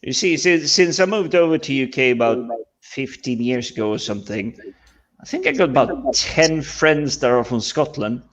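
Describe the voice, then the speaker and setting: A man from Scandinavia chatting casually on a panel, animated and stumbling over his words as he tells anecdotes. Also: mid-range voice, moderate pace. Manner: animated, stammering restarts, laughs while talking. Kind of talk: casual chat. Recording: dull lo-fi audio.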